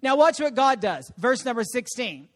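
A woman guest preacher delivering an animated sermon, calling for responses from the congregation. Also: on the high side, moderate pace. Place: church service.

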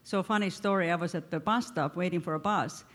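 A woman's voice: lowish voice, brisk, fairly bright tone, big-room sound. Woman, 50s, from Finland, lighthearted missionary storyteller. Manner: lighthearted, laughing through a funny story. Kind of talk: storytelling to a church.

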